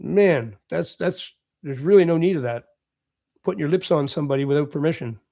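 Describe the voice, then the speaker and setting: Canadian guy rambling to his stream chat, kinda high voice, keeps laughing and saying stuff twice. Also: brisk, creaky, dark tone. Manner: rambling, chuckles often, repeats phrases. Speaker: livestream host. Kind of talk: casual chat answering live comments.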